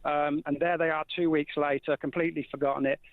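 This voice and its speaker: A man phoning in to a talk radio show, heated and stumbling over repeated words. His voice sits fairly high and comes through a thin, tinny phone line. The sound is dry and close. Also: level tone, fast talker, no echo. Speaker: caller. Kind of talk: phone-in call.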